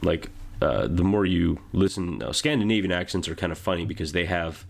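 Deep-voiced guy rambling about accents, tons of you knows. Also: fairly quick, creaky. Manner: meandering, heavy on fillers. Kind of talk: casual chat about accents in games.

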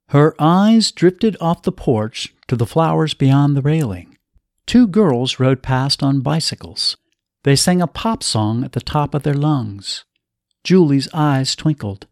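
A man reading a story aloud in a measured, expressive way. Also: a little high, no room sound, studio quality. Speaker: narrator.

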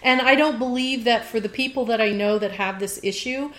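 A woman's voice: a little high, fairly quick, fairly bright tone. Blunt, opinionated middle-aged woman. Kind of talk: casual chat.

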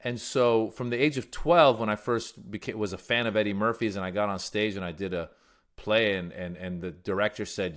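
A man's voice: on the low side, fairly bright tone. A male comedian who came from Iran as a child and grew up in the United States, telling stories in a casual interview with lots of restarts and fillers. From Iran, raised in the United States. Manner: rambling storyteller with many restarts and fillers. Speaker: comedian guest.

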